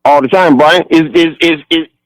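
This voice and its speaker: A man's voice: a little high, steady tone, normal speed, no room sound. A frustrated man calling in, rambling with stammered restarts and repeating the host's name. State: frustrated and agitated. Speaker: caller. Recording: dull phone line.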